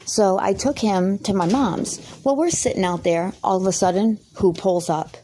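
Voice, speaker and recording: A woman's voice: medium pitch, moderate pace, dark tone, slight background noise. A woman vlogger telling an angry, rambling story to camera, swearing heavily and sounding indignant.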